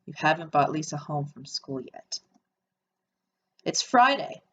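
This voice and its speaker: A woman's voice: sits low, very animated, unhurried, highs cut off, slight background noise. A woman reading an interactive horror story game aloud and adding chatty, sarcastic asides.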